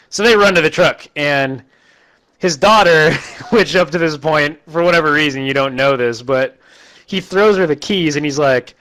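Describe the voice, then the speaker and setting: A man casually recapping a terrible movie for laughs, animated and laughing often as he acts out lines. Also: fairly high pitch, low-quality recording. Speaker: movie reviewer.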